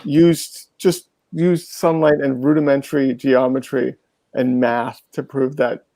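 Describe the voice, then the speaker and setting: A man's voice: medium pitch, flat delivery, measured pace, warm tone, dry recording. A man in a casual group discussion, rambling with many fillers and an amused tone. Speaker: panel guest.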